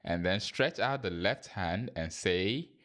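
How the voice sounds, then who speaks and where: A man's voice: deep voice, animated, slow pace, fairly bright tone. A man who trains kindergarten English teachers, walking through his lesson plan in a conversational way and sometimes acting out his classroom prompts. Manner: demonstrates classroom prompts with a raised, sing-song teacher voice; conversational, thinks aloud with small restarts.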